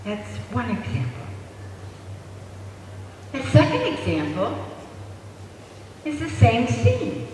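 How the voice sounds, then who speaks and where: Unhurried man lecturing in a hall. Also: extremely high pitch, background noise. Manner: animated storytelling, slow and deliberate. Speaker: speaker. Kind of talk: public talk on parenting. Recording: echoey hall, distant mic.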